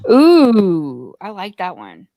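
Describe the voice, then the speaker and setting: A woman's voice: mid-range voice, huge pitch swings, slow, gravelly, dark tone, dry recording. A playful, chatty woman on a livestream video call sounds a little sleepy. Her voice is close and dry, with no room sound. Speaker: stream guest. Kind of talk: casual group chat on a livestream.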